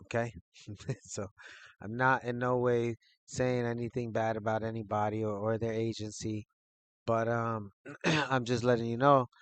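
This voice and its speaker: A man's voice: medium pitch, unhurried, pauses often, dry recording. Man rambling through a personal anecdote. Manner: rambling, filler-heavy, animated retelling. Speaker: channel host telling a personal story. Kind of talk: casual spoken anecdote.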